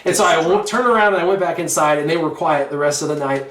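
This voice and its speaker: A man with a slightly raised voice tells a story in a loose, rambling way, full of fillers. The recording has a roomy echo around him. He keeps the flow casual and animated. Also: on the high side, quick pace, slight background noise. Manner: lively, rambling with many fillers. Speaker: guest storyteller.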